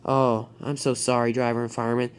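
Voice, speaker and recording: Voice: medium pitch, level tone, fairly quick, clear, resonant tone, voice pushed down, close to an everyday voice. Narrator voicing a fretful little tank engine. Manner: fretful, apologetic. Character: small anxious tank engine hero. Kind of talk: fan toy-train storytelling.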